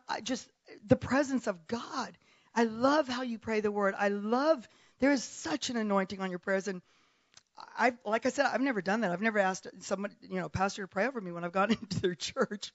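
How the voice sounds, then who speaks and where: A woman's voice: a little high, dry recording, dull audio. A woman from South Africa who grew up partly in Texas, a guest preacher opening her sermon with chatty remarks and laughter. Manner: warm, chatty, laughs often. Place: church pulpit.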